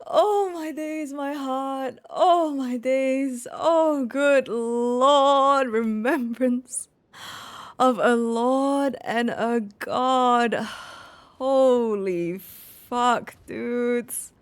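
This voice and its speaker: A woman's voice: high-pitched, very slow. A woman talking herself through a game boss fight, swearing and exclaiming as she plays. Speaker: gameplay streamer. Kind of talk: live gameplay commentary.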